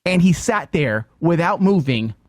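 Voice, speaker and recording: A man hosting a talk show, telling a story in casual chat, animated with quick restarts. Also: on the high side, no echo, clean studio sound. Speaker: show host.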